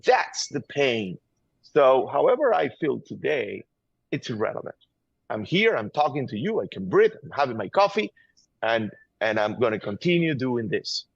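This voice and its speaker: A man from Venezuela speaks English with a Venezuelan Spanish accent, pressing his points with emphatic urgency and frequent repeated words. His voice sits at an ordinary pitch. The audio is slightly muffled and dry, with no room sound. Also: sing-song, normal speed, gravelly, husky, dry recording. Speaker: guest, gun-violence activist. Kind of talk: impassioned interview answers.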